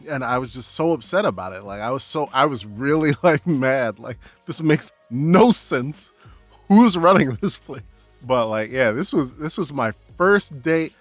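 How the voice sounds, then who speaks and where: A man's voice: mid-range voice, unhurried, no room sound, soft background music. A young man vlogging casually, telling a story with lots of laughs and acted-out reactions. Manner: animated, laughing, acts out his own shouts.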